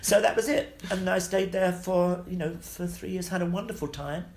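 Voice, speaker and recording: Gravelly older man telling stories. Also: high-pitched, normal speed. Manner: lively, swears freely, laughs between stories. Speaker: guest actor. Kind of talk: anecdotal interview storytelling.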